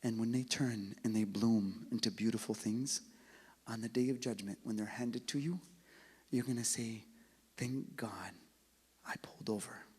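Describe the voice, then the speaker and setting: Male speaker giving a religious talk, husky, moving from loud calls to hushed asides, in a long-reverb hall. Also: mid-range voice, fairly even intonation, normal speed. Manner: swings from loud calls to hushed near-whispers; acts out both sides of a story. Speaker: speaker at an Islamic center.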